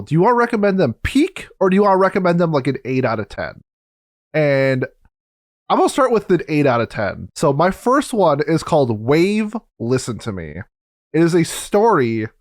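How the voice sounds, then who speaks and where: Casting: slightly high-voiced male podcast co-host, rambling casual chat, dry close-miked sound. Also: dry recording. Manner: animated, rambling with fillers.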